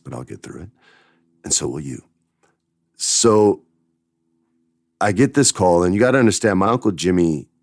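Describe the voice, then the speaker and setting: Very deep-voiced man telling a personal story. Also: gravelly, dry recording, studio quality. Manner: emotional, choked up at times. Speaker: podcast host.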